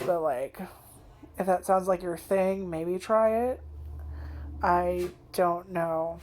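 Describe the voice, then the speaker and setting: A woman's voice: lowish voice, darkish tone, slight background noise. A woman chatting casually at home as an anime vlogger, rambling, trailing off and swearing often. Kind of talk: casual chat. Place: home, indoors.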